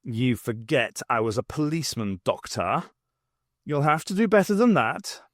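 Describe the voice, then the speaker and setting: A man's voice: mid-range voice, lively intonation, normal speed, no room sound, studio quality, lightly acted. A man voicing a blunt, insistent male vice chairman who was once a policeman, in a novel reading.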